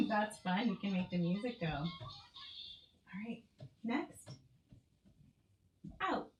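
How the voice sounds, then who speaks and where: A woman reading a picture book aloud and running a speech lesson for a child, talking clearly and praising often. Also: mid-range voice, animated, slow, dark tone, faint music behind. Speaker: speech teacher. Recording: echoey room.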